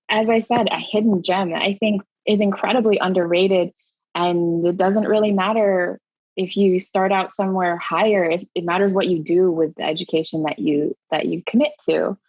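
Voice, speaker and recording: Woman panelist, earnest and upbeat, kinda husky, dry dull call audio. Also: mid-range voice, dry recording. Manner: earnest and enthusiastic. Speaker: alumni panelist.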